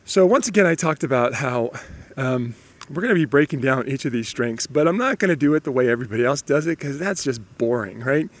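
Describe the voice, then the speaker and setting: A man's voice: mid-range voice, animated, a little fast. A man hosting a solo motivational podcast, upbeat and chatty, with a slight cold and frequent restarts. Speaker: podcast host.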